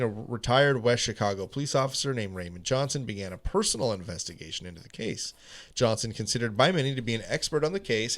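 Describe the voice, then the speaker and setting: Male podcast host, reads crime case notes, playful quizmaster in a studio. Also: mid-range voice. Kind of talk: reading a true crime story and running a quiz.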